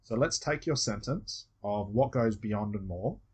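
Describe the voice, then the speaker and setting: Aussie guy coaching a student, husky low voice, walks through it step by step. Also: lively intonation, measured pace. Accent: Australian. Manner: patient, explains step by step with demonstration phrases. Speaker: hypnosis coach. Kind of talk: one-on-one coaching session.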